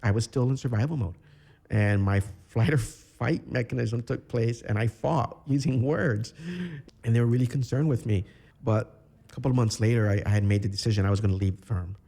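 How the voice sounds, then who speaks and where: A man from Chicago, a podcast guest, telling his own story in a candid, reflective way with halting restarts. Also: medium pitch, creaky, dark tone. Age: 30s. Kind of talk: personal storytelling interview.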